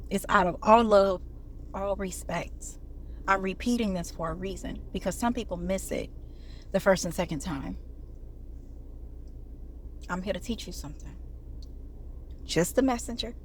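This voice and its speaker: A woman delivers a casual motivational talk straight to her viewers. She speaks in a preachy, conversational way, quoting scripture and calling her audience "y'all." Her pitch sits in an ordinary middle range. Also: slight background noise. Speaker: online commentator.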